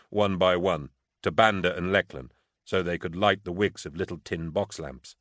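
A man reading a tense military novel aloud in a measured, low-key audiobook narration. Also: a bit bright, no room sound, studio quality.

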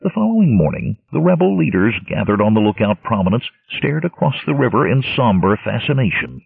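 A man narrating an adventure novel in a dramatic, expressive storytelling manner. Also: fairly low pitch, fairly quick, gravelly, breathy edge, dry recording. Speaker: audiobook narrator. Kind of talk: scripted narration. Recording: tinny lo-fi narrowband audio, dry.

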